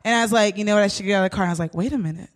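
A young woman casually telling a story, animated and swearing as she acts out the people in it. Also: medium pitch, rapid-fire. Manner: animated, swearing, acts out voices in her stories.

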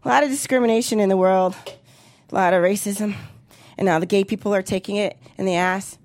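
A woman's voice: mid-range voice, steady tone, a little fast, a little mellow. A woman in her thirties doing stand-up comedy with blunt, profane, punchy delivery. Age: 30s.

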